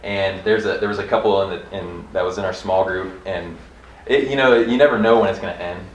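A man in his thirties from Kansas giving a casual, earnest church talk, chatty and quick to laugh, often restarting his sentences. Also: sits low, slight background noise. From Kansas, USA. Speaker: church speaker teaching on revival history. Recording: roomy echo, faint room ambience.

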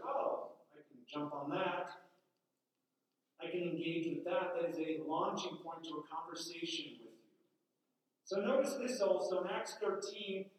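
A man's voice: high-pitched, a little hiss or hum. Guy preaching casual, storytelling, lots of echo, mic kinda far away. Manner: casual, storytelling with acted asides. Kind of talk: conversational sermon. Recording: echoey room, mic far off.

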